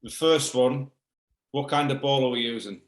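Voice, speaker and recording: Man, podcast co-host, laid-back, friendly, roomy echo, mid pitch. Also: normal speed. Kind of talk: casual chat.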